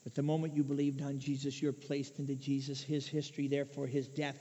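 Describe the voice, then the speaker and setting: High-voiced preacher in an echoey hall. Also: male voice, fairly even intonation, a little fast, few pauses. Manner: swings from hushed to shouting. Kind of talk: sermon. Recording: muffled echoey hall recording.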